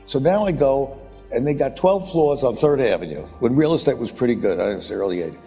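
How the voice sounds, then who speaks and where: A man's voice: expressive, brisk, vocal fry, warm tone, breathy edge, big-room sound, soft background music. Older man telling a rambling story. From United States. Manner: rambling, blunt and profane, with repeated "boom, boom, boom". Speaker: investor speaking at a conference. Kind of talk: anecdotal storytelling. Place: conference stage.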